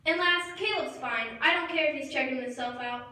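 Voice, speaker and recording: A woman's voice: sits high, normal speed, sharp tone. A woman doing a comic stage monologue, sassy and dismissive. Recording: distant mic in an echoey hall, faint ambience.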